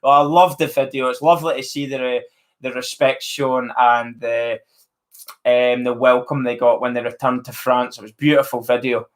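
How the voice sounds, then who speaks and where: A man's voice: mid-range voice, steady tone, moderate pace. Chatty Northern Irish man. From Northern Ireland. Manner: chatty, friendly, reads viewer names aloud. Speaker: live stream host. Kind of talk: casual live chat reading comments.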